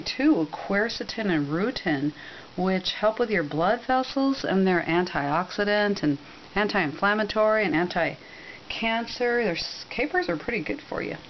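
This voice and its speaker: A woman's voice: medium pitch, dull audio, a little hiss or hum. A woman giving a casual, rambling recipe demonstration, chatty, with frequent ums and self-corrections. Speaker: cooking demonstrator.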